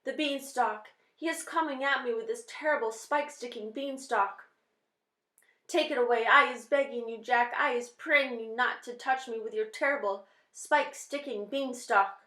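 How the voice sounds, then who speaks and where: A woman's voice: fairly high pitch, moderate pace, fairly bright tone, natural voice. A woman voicing a huge male giant who screams and pleads in terror through a nightmare, in a storybook reading. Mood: panicked pleading. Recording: roomy echo.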